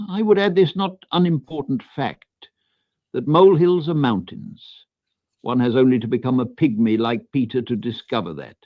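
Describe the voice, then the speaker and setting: A man's voice: medium pitch, dry recording, lo-fi sound. Synthetic male voice reading an essay. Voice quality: measured, smooth synthetic delivery. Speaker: AI text-to-speech reader. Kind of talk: reading a classic essay aloud.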